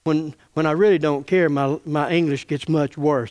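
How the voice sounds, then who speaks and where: A middle-aged pastor, preaching an angry, folksy sermon full of stammered restarts. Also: male voice, on the high side, steady tone, normal speed, darkish tone. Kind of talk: fiery sermon.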